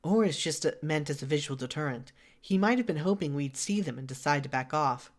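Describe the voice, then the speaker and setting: A man's voice: on the high side, lively intonation, brisk, natural voice. A man voicing a cautious, watchful vampire man who reasons things through.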